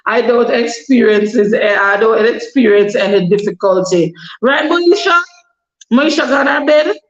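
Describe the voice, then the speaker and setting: A woman's voice: a little high, unhurried, muffled recording. Jamaican woman vlogger, young, chatty advice-giver who drifts into patois; roomy, echoing sound. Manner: chatty, advising, slips into patois. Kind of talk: casual advice vlog. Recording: echoey room.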